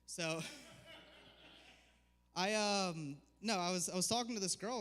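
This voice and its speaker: Sheepish young-sounding comic. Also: male voice, high-pitched, slow, pauses often, a bit bright. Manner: sheepish storytelling with chuckles. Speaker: stand-up comedian. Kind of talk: stand-up comedy set. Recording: reverberant bar hall.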